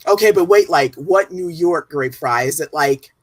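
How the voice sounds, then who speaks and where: Low, husky New woman. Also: normal speed, no room sound. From New Jersey. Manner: animated, laughs often. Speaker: guest writer. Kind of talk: casual livestream chat.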